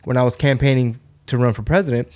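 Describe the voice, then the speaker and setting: A man's voice: mid-range voice, fairly even intonation, quick pace, a little mellow. Laid-back man retelling a long story. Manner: retells stories with many "he's like" quotes. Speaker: podcast host. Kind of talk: casual chat.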